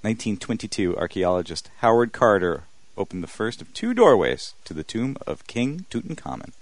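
A man's voice: lowish voice, big pitch swings, fairly quick, no room sound. A man co-hosting a podcast, joking playfully and presenting a historical segment. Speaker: podcast co-host. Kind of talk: casual chat.

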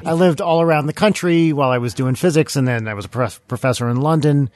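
A man with a mild Northeastern US accent, musing in casual podcast chat with halting restarts. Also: on the high side, darkish tone, no room sound. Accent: mild generic Northeastern US. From North Jersey. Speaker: guest, former physics professor.

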